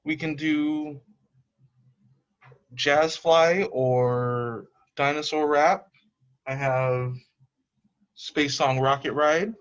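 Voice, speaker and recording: A man teacher talking casually with children on a video call, slowly offering which story to read next. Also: fairly high pitch, fairly even intonation. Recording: dull video call audio.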